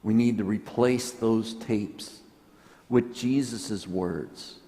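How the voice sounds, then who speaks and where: A priest giving an earnest, reflective sermon, often dropping to soft, quiet tones. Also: male voice, fairly low pitch, slow pace. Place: church. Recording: long church reverb.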